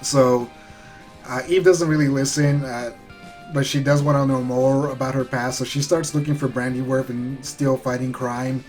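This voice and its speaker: A man's voice: mid-range voice, level tone, moderate pace, darkish tone, soft background music. A man giving a loose, rambling recap of a show episode, full of fillers and the odd swear word. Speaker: show reviewer.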